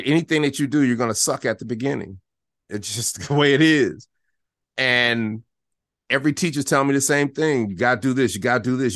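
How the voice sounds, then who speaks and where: A man, an actor and guest, telling animated stories in a casual interview, sometimes dropping to a near-whisper to make a point. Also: lowish voice, no room sound, studio quality. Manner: animated, storytelling, drops to a hush to demonstrate.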